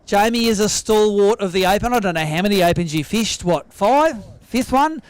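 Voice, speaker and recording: An Australian man hosting a fishing weigh-in, bantering in an energetic, teasing way. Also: high voice, clean tone, dry recording. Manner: energetic, teasing, quick-talking. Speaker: weigh-in host. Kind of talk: live tournament emcee banter. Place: outdoor weigh-in stage at a sailing club.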